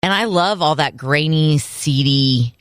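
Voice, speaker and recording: A woman co-hosting a casual podcast, chatty and quick to laugh. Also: sits low, dry recording, clean studio sound. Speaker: podcast co-host. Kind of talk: casual chat.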